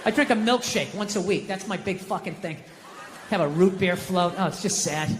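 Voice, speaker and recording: A man performing stand-up on a big outdoor stage, ranting with profane, sardonic grumbling. His voice rings out with a long reverb into the venue. A steady wash of crowd and venue ambience sits behind him. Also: high voice, normal speed, a little hiss or hum. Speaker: stand-up comedian. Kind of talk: stand-up set. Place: large open-air venue, windy stage. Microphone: stage microphone.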